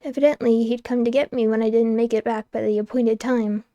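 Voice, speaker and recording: A young woman reads a game's story aloud in a lively, wry way. Her voice sits a little high, with a mellow, soft tone. The microphone is close and the sound is dry. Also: a little fast, no room sound, dull audio. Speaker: streamer reading a game aloud. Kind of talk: expressive narration of a game's text.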